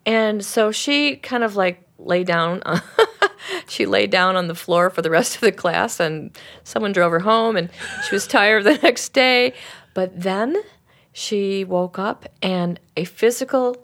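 A woman who leads anger and forgiveness workshops, telling a story animatedly in a conversation and acting out the voices. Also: mid-range voice. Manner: animated, acts out the voices in her stories.

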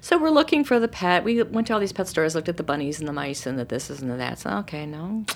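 A middle-aged woman telling a personal story in a casual, animated way, acting out what people said. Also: deep voice, fast talker. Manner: animated, acts out quoted voices. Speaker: storyteller guest.

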